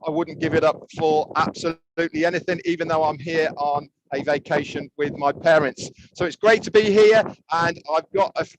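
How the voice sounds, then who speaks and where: A man's voice: sits high, slight background noise, rough recording. Chatty man on a ship's deck. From United Kingdom. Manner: cheerful, chatty, loose phrasing. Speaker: co-host. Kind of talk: casual livestream chat. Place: outdoors on a cruise ship deck.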